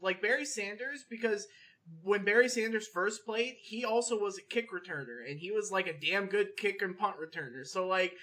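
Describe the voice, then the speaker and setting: A man's voice: high voice, moderate pace, sharp tone. A man co-hosting a podcast, giving emphatic, profane opinions in casual sports talk. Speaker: podcast co-host.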